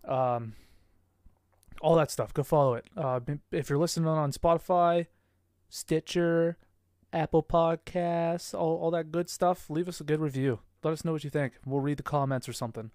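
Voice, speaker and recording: A man's voice: on the high side, moderate pace, no room sound, studio quality. A young man co-hosting a podcast, telling stories in casual chat, swearing freely and laughing often. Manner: profane, animated storyteller, laughs often. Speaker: podcast co-host.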